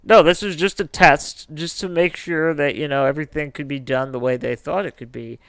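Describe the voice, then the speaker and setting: A man's voice: on the high side, steady tone, normal speed, fairly bright tone, clear, resonant tone, dry recording. A man co-hosting a casual podcast, joking and rambling with playful comparisons. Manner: jokey, rambling, playful analogies. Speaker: podcast co-host.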